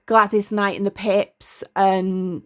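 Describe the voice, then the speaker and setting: A woman's voice: mid-range voice, little pitch movement, takes it slowly, fairly bright tone. A middle-aged woman talking to camera at her desk in a casual, rambling way, often stopping to search for words. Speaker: tarot vlogger. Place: indoors at a desk.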